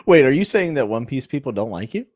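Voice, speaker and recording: A man's voice: mid-range voice, very animated, fast talker, a little mellow, no room sound, clean studio sound. A man hosting a casual podcast interview, asking curious questions. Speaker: podcast host.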